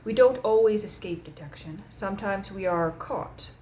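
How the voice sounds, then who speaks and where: A woman voicing a calm, measured man who leads a secret society, speaking gently and matter-of-fact in an audiobook reading. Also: medium pitch, slight background noise, close to an everyday voice, rough recording.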